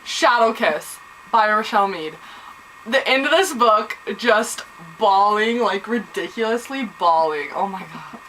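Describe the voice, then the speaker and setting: Bright, gushing young woman book vlogger. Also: medium pitch, measured pace, a little hiss or hum, rough recording. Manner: gushing, excitable, full of exclamations. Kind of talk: casual chat to camera.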